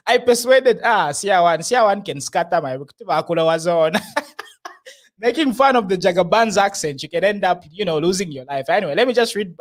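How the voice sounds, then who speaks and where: A man's voice: sits high, lively intonation, normal speed. A man hosting casual political commentary, chatty and often laughing. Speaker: host.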